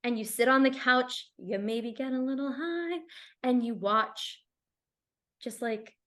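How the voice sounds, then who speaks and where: A woman's voice: sits high, measured pace. A young adult woman chatting casually as a podcast guest, talking openly with a lot of "like" fillers. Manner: chatty, frequent "like" fillers, animated. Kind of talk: casual chat.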